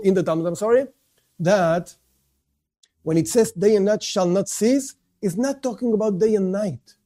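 Guy teaching a religious lesson, high-ish voice, mellow tone, keeps asking himself questions. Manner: animated, asks and answers his own questions. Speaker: rabbi teaching a class.

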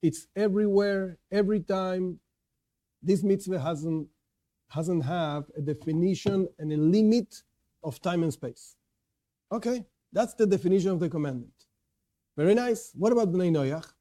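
Male lecturer, religious class, earnest and emphatic, voice pitched somewhat high. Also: normal speed, dark tone. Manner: earnest, stresses key words, repeats and restarts. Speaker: Torah teacher.

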